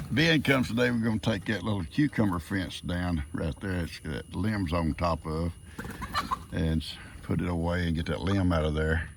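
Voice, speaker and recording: An older farm vlogger chats casually outdoors to his animals and his viewers, folksy and sweet with the livestock. He has a deep, creaky voice at a normal speed, and there's background noise.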